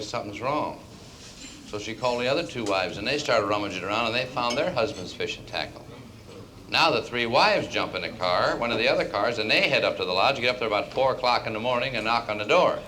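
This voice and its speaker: A man's voice: mid-range voice, sharp tone, slight background noise, rough recording. A man telling jokes as a stand-up comedian and host, a breezy storyteller who laughs at his own punchlines.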